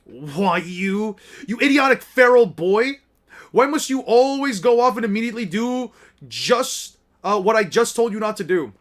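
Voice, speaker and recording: A man's voice: high-pitched, animated, fast, few pauses. A man doing a bossy, exasperated young witch. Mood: scolding. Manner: scolding, exasperated.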